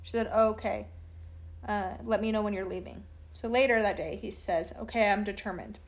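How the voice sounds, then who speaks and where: Recounting a true crime case, a woman reads a text-message exchange aloud in a plain, matter-of-fact way, adding casual asides between messages. Her pitch is mid-range for a woman, her tone steady and her pace moderate.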